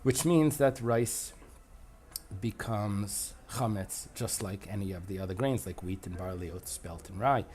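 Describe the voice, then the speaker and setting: A man's voice: lowish voice, a little slow, a little mellow, slight background noise. Man explaining a Talmud passage. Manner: reads Aramaic aloud then translates, thinking aloud. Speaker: Talmud teacher. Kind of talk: explanatory lesson.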